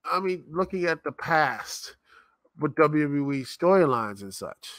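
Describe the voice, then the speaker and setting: Exasperated bright-voiced man ranting. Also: a little high, animated, measured pace, dry recording, studio quality. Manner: exasperated, rambling, sarcastic. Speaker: podcast host. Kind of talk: live-stream commentary rant.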